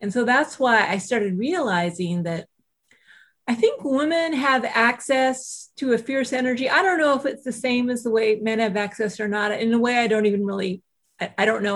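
A woman who writes and teaches self-compassion, telling a personal story in a casual interview, animated and full of "you know" asides. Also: on the high side. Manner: animated, acts out quoted voices, frequent "you know" asides.

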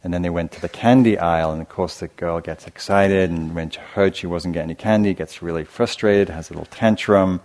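A man giving a dharma talk as a meditation teacher at a retreat, reflective and gentle, telling stories with hesitant restarts. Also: sits low, a little fast, few pauses.

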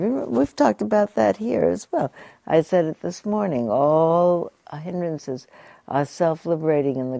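A woman meditation teacher giving a dharma talk, telling a story gently and unhurriedly, with asides to her listeners. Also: low-pitched, creaky, dry recording.

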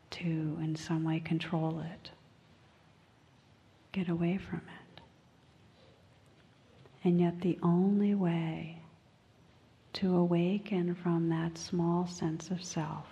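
A woman meditation teacher gives a dharma talk in a low, mellow voice with a gravelly edge. She speaks slowly with a flat, even pitch and often sinks into a soft whisper. Her voice carries a long reverb from a large meditation hall. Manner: gentle and unhurried, often dropping to a whisper.

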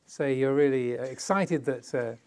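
Man giving a relaxed Dharma talk. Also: medium pitch, moderate pace. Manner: conversational, playful, laughs often; acts out little quoted voices. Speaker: meditation teacher.

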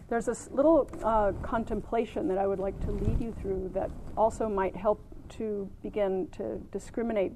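Gentle woman giving a meditation talk. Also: mid-range voice, background noise. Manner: gentle, unhurried, many ums, laughs at her own stories. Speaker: meditation teacher. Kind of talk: dharma talk. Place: meditation retreat center.

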